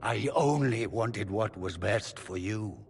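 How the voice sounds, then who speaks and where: An actor playing a stern but remorseful older male magister who pleads with his son in a measured, apologetic manner. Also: on the low side, slightly rough. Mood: pleading. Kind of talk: game character dialogue.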